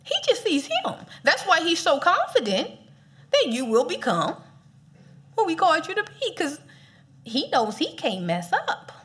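Animated woman preaching a casual sermon. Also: very high-pitched. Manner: animated, playful, laughs often.

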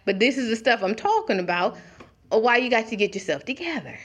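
A woman's voice: a little high, sing-song, fairly quick. A middle-aged woman preaching a conversational sermon, acting out little dialogues as she talks.

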